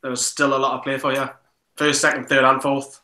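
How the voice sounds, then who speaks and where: A chatty man on a casual online quiz stream, running through viewer names and score updates. His voice is bright and forward, and it rings around a noticeably echoey room. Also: medium pitch, little pitch movement, a little fast. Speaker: co-host and quiz contestant. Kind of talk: casual chat. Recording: roomy echo.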